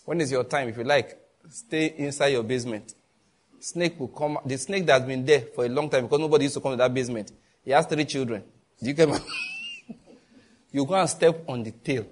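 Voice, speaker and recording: A man with a Nigerian accent preaching a sermon as pastor, telling lively stories with quick asides and bursts of laughter. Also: mid-range voice.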